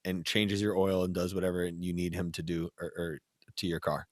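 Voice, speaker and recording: A man's voice: deep voice, level tone, moderate pace, dry recording, clean studio sound. A man co-hosting a podcast, joking in casual banter. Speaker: podcast co-host.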